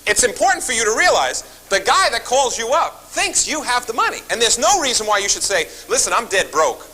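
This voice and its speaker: Poor audio with slight background noise carries a man's very high, brisk voice. At a seminar, he tells stories in an animated way, performing his phone calls and turning often to his audience.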